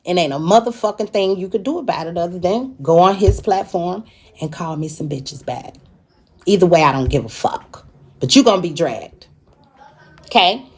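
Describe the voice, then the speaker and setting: A woman's voice: lowish voice, expressive, slightly rough. A woman hosting a live stream, confrontational and profane as she issues warnings, stretching out words for emphasis. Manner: drawn-out emphatic delivery.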